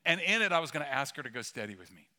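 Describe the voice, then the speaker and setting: A man's voice: on the high side, big pitch swings, rapid-fire, sharp tone. A middle-aged male pastor giving a sermon in a church, talking in a casual, joking way and telling a story. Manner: conversational storytelling with humor. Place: church sanctuary.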